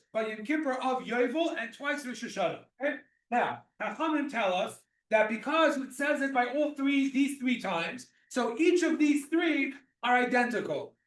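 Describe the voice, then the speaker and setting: A man with a very high voice teaches a religious law class. He explains each point patiently, repeats himself and restarts his sentences. He sounds distant from the mic, in a room full of echo. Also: a bit bright. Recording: echoey room, mic far off.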